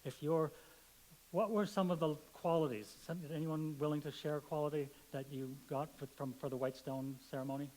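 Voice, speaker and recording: A man's voice: on the high side, steady tone, brisk, darkish tone, slight background noise, poor audio. A middle-aged man preaching a sermon in a conversational, playful way, telling stories and acting out the voices in them. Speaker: pastor. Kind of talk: sermon with storytelling.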